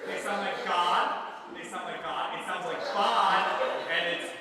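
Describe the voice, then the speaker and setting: A man's voice: high voice, little pitch movement, unhurried, sharp tone. A man performing live improv comedy, rambling and free-associating with lots of repeated words. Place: large hall with audience. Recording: echoey hall from far off, crowd behind.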